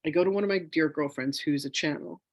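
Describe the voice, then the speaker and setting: A middle-aged woman teaching a live online class as a spiritual teacher, telling her own story with lively acted-out dialogue, speaking into a phone. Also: deep voice, fast talker, no echo. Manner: animated storyteller, acts out quoted dialogue.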